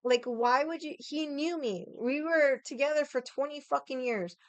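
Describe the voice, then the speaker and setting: A woman's voice: high voice, moderate pace, no echo, muffled recording. A woman in her forties with a Boston accent, ranting casually and bluntly to camera with heavy swearing and indignation. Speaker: vlogger.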